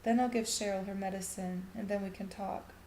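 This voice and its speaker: A woman's voice: medium pitch, fairly even intonation, a little fast, mellow, a little hiss or hum, close to an everyday voice. A woman voicing a distracted, anxious mother who talks in a fretful, apologetic way, in a story reading in an echoey room.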